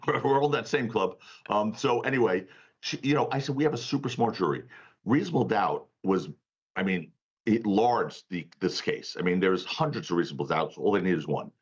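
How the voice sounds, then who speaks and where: A man's voice: fairly low pitch, lively intonation, a little fast, husky, lo-fi sound. A male defense attorney, a guest on a talk show, telling a story emphatically and laughing now and then, over a remote call. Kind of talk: animated storytelling interview.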